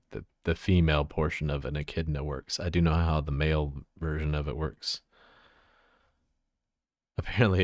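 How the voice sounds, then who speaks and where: A man's voice: very deep voice, dry recording, clean studio sound. A man from Texas with a Texan accent, chatting casually on a livestream, rambling, giggling and trailing off into asides.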